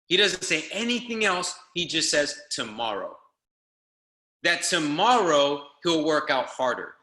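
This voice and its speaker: With a slightly high, sharp voice, lively intonation, and an unhurried pace, a business trainer motivates a group call. He is fired-up and exhorting, hammering the same phrases over and over in a reverberant setting.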